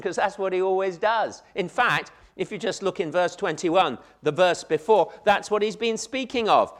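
A man's voice: high-pitched, lively intonation, moderate pace, hardly any pauses. A man preaching a sermon, emphatic, repeating key phrases and speaking straight to his listeners. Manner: addresses the listeners directly.

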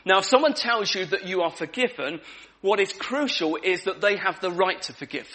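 A man's voice: sits high, expressive, moderate pace, pushed and bright. A man preaching an evening sermon in a conversational way, repeating key words for emphasis.

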